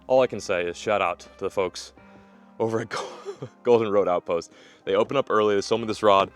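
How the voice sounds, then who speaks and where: Lively low-voiced man vlogging outdoors. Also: a little fast, soft background music. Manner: energetic, excitable, jokey. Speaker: fishing vlogger. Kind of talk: outdoor vlog narration to camera. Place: outdoors by a remote lake.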